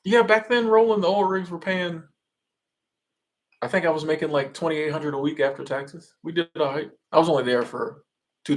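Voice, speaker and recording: A man from Florida, hosting a casual livestream and answering chat in a loose, rambling way full of restarts. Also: on the high side.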